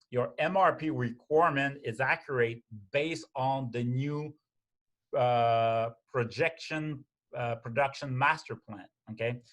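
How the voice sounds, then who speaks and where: Halting male webinar presenter. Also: medium pitch, fairly bright tone. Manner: halting, many restarts and fillers, repeated "okay?".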